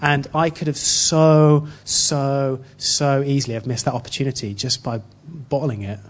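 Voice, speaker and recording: A man giving an informal sermon built around a personal story, earnest and halting, with frequent restarts. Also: medium pitch, steady tone. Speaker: church speaker.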